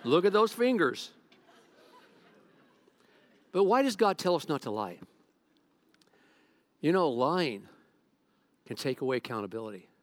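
A man's voice: medium pitch, normal speed, pauses often, dry recording. A middle-aged man preaching a sermon as a pastor, telling stories from home and joking with the congregation. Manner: animated, joking storyteller.

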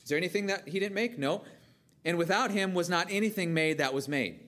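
Male preacher, slightly higher voice, emphatic sermon delivery with questions he answers himself. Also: brisk, fairly bright tone. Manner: emphatic, asks the audience questions and answers them.

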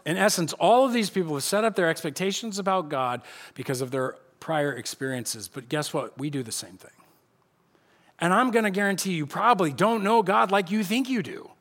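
A pastor giving a casual, conversational sermon in a church, animated and shifting between loud emphasis and quiet asides. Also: male voice, sits high, brisk. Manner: casual, conversational preaching with slang.

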